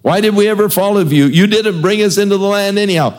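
A crowd of thirsty, grumbling wanderers, put on by a male preacher, whining accusations in a voice pitched well above his own. The delivery sounds petulant and rushed. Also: darkish tone, lightly acted. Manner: whiny, accusing.

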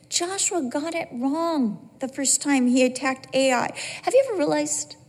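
A woman's voice: high-pitched, darkish tone, husky. A middle-aged woman giving an emotional testimony in sermon style, her voice rising and cracking as she tells the story. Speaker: speaker. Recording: long hall reverb.

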